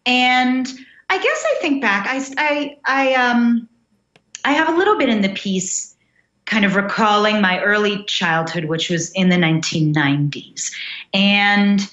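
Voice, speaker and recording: A young American woman speaks with a middle-pitched voice, reflective and thinking aloud through her ideas with frequent fillers and restarts. Her audio sounds roomy and slightly dull, like a remote interview recording. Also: lively intonation, unhurried, fairly bright tone. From United States. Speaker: guest writer. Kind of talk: casual interview conversation.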